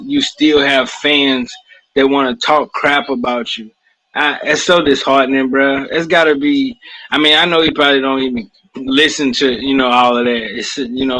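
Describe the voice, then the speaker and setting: A man's voice: mid-range voice, pushed and bright, rough recording. A man hosting a casual sports podcast, cracking jokes and ranting about the team. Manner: joking, then ranting in frustration. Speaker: podcast host.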